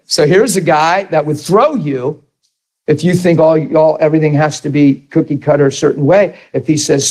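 A man's voice: on the high side, moderate pace, a little mellow, low-quality recording. A man preaching a sermon, telling a story and asking the audience questions.

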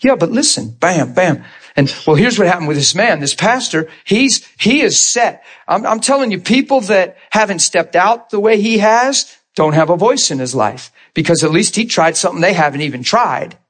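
Husky storytelling preacher, a man. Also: high voice, moderate pace. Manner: animated storytelling, laughs often, acts out quotes. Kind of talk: storytelling sermon.

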